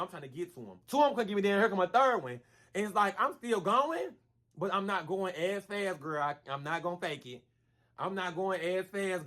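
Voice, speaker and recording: A man telling a story in a casual storytime vlog, animated and slangy, who keeps calling the listener "girl" and acts out the punches with sound effects. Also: high-pitched. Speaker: storyteller vlogger.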